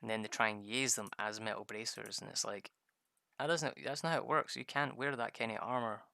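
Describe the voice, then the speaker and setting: Male gamer with a gravelly voice, casual and sweary, commentating his gameplay. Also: lowish voice, steady tone, a little fast, sharp tone, no echo. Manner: rambling, profane storytelling.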